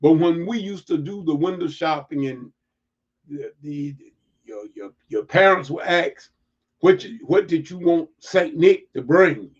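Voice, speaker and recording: A man preaching reflectively to an online audience, emphatic and repeating words as he builds to near-shouts. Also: on the high side, expressive, a little slow, breathy edge, muffled recording. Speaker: livestream preacher.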